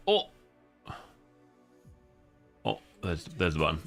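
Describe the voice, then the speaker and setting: Deep-voiced tired streamer. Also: male voice, measured pace, soft background music. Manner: rambling, relaxed, swears casually. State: tired and rough. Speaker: livestream host. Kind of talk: casual stream chat.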